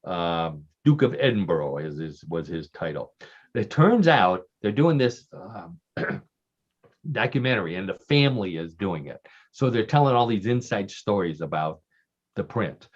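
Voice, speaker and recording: A man's voice: low-pitched, lively intonation, a little slow. A man telling offbeat stories in casual radio chat, joking and laughing along with his own tales. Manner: chatty storyteller, lots of fillers and restarts, laughs at own jokes. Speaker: regular radio show guest. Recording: dull lo-fi radio sound.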